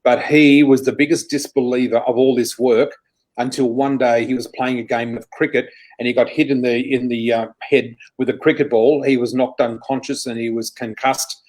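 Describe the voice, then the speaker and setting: A man's voice: mid-range voice, little pitch movement, moderate pace, a little mellow, low-quality recording. A middle-aged Australian man, a guest psychic, telling anecdotes in a chatty, self-correcting way. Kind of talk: anecdotal interview storytelling.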